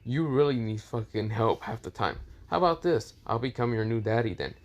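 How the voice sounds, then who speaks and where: A man's voice: medium pitch, animated, a little fast, natural voice. A man voicing a cocky teenage boy hero in a fan story, crude, mocking and flippant.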